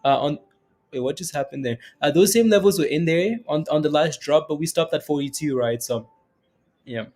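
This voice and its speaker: A man's voice: a little high, normal speed, darkish tone. A man casually chatting with his livestream audience about crypto prices, answering comments and often tagging his sentences with "right?". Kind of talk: casual chat reading live comments.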